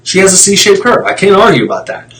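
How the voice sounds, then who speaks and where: A man's voice: high voice, big pitch swings, fairly quick, a bit bright, a little hiss or hum, poor audio. A man talking casually on a live stream, explaining x-rays in a blunt, fired-up way, with tangents and mild swearing. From Italian heritage.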